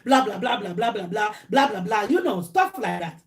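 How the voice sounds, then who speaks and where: A woman's voice: mid-range voice, very animated, moderate pace. A Nigerian woman vlogger telling a gossip story during a mukbang, mimicking the people in it. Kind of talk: chatty storytelling while eating.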